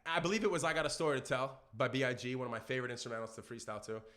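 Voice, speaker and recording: A young man from Brooklyn, a guest on a podcast, telling stories in an animated, excitable way and acting out the people in them. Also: mid-range voice, rapid-fire. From Brooklyn, New York. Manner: excitable, acts out the people in his stories, bursts into shouts. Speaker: podcast guest, children's entertainer. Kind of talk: animated storytelling in casual chat.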